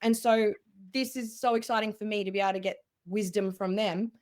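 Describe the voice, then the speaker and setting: A woman's voice: medium pitch, steady tone, a little fast, a little mellow. A woman hosting an online panel discussion, upbeat and effusive as she introduces the guests. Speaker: host.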